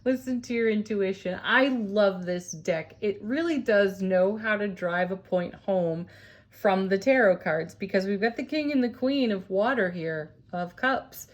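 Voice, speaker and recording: Woman tarot reader, calm and soothing, breaks into delighted laughs. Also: mid-range voice, unhurried. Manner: gentle, soothing, laughs often; awed and excited at the cards. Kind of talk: tarot reading vlog.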